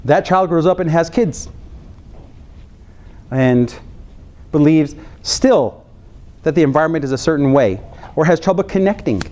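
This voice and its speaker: Man, lecturer, fairly high voice, animated, repeats phrases, joking with audience. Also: measured pace, long pauses. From United States. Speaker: health psychologist giving a training talk. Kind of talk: conference lecture to counselors.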